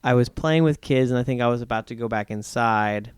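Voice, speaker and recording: A young man chatting casually as a podcast co-host, animated and quick to laugh, asking lots of questions. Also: mid-range voice, clean tone, no echo, clean studio sound. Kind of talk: casual chat.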